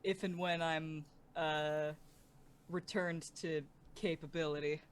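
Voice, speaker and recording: A woman playing in a tabletop game, pausing on "uh" and checking the rules before acting. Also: low voice, steady tone, a little hiss or hum. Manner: hesitant, asking rules questions with many "uh"s. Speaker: player. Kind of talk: casual tabletop game chat.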